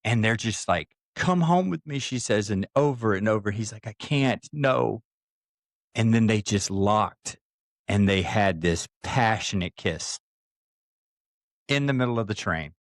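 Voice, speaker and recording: A man's voice: on the low side, measured pace, no echo, studio quality. A man co-hosting a podcast, telling a story in casual chat and acting out the people in it, then taking a firm stance. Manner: acts out quoted voices, takes firm stances. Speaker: podcast co-host.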